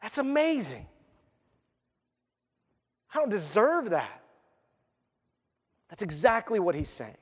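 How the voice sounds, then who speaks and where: Pastor, male, high voice, animated sermon delivery, long church reverb. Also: takes it slowly, pauses often, slightly rough. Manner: animated, acts out voices and jokes.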